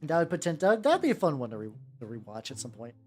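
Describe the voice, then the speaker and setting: A woman's voice: low-pitched, very animated, fast, a little mellow, soft background music. A woman chatting casually on a miniature painting stream, rambling with many restarts and some swearing. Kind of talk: casual livestream chat.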